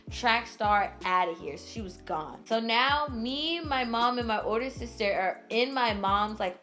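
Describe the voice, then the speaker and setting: Animated young woman telling a story. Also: fairly high pitch. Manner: animated, heavy use of "like", dramatic re-enactment. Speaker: vlogger. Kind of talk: casual storytime narration.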